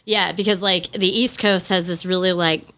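Bright, bubbly American woman hosting. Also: on the low side, fairly even intonation. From United States. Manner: bubbly, laughs often, fast run-on talk. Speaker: podcast host. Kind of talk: casual chat.

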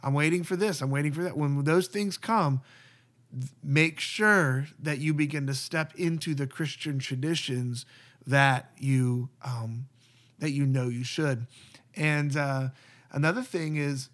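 A man's voice: fairly high pitch, measured pace, a bit bright. A man, a pastor, talking earnestly and conversationally about church community. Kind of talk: casual podcast talk.

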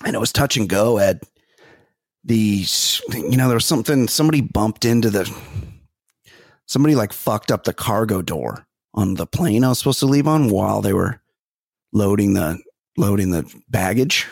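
A man's voice: lowish voice, normal speed, vocal fry, no room sound, clean studio sound. A man co-hosting a comedy podcast, telling stories with jokey exaggeration in casual chat. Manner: animated storytelling, jokey exaggeration. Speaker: podcast co-host.

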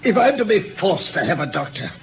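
Sherlock Holmes, ill and imperious. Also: male voice, high-pitched, sing-song, background noise. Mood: cold, cutting. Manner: weak, halting, then sharp and imperious. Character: gravely ill detective, proud and commanding. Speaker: detective. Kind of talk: old radio drama acting. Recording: tinny old radio broadcast with music.

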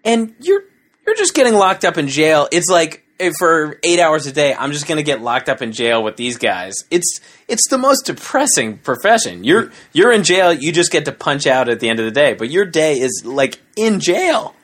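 A man's voice: a little high, big pitch swings, moderate pace, a bit bright. A man co-hosting a comedy podcast, telling rambling anecdotes full of restarts and asides. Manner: rambling storyteller, many restarts. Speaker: podcast co-host. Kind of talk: casual comedic chat.

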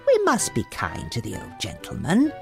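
Woman voicing a kindly talking teapot, motherly, gentle, storybook. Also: low-pitched, wildly swooping pitch, moderate pace, vocal fry, over music, full character voice. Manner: gentle, soft. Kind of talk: storybook reading.

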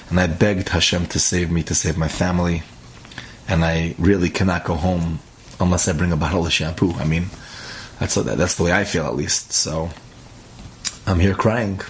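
A man's voice: low-pitched, slight background noise. A man telling a story in a casual, conversational way, acting out what each character says. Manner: conversational, acts out the characters' dialogue.

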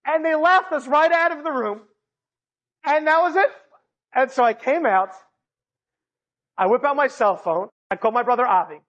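Brief: an animated male storyteller, humorous, speaking to a live audience. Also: very high voice, moderate pace, long pauses, dull audio. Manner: animated, humorous, often laughing, voices the people in the story. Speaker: inspirational speaker.

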